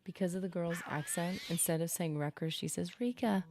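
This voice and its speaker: A woman's voice: on the low side, steady tone, fairly quick, a little mellow, a little hiss or hum. A woman streaming a game, chatting casually to her viewers as she plays and rambling from topic to topic. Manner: chatty, rambling, talks to chat while playing. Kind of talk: casual live-stream commentary.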